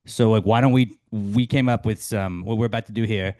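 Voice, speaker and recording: A man co-hosting a casual podcast chat, jumping up in pitch when he quotes punchy sayings. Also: brisk. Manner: animated, jumps higher when quoting punchy sayings. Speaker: podcast co-host.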